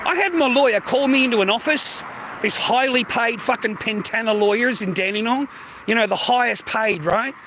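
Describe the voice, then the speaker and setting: A man's voice: extremely high pitch, moderate pace, noisy background. A man with an Australian accent ranting in a casual, heated, profanity-filled monologue. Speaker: streamer.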